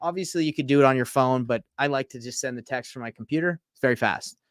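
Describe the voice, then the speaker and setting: Speaking fast in a mid-range voice, this real estate coach from Utah, a man in his thirties, teaches through a live-streamed screen-share tutorial. He keeps it casual and chatty, reading texts out loud and reacting as he goes. The audio is studio quality, with no room sound.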